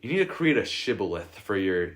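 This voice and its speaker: A young man chats on a podcast in a lowish voice that leaps around lively. He tells loose, profane stories and breaks into laughter often. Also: fairly quick. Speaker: podcast co-host. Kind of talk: casual chat.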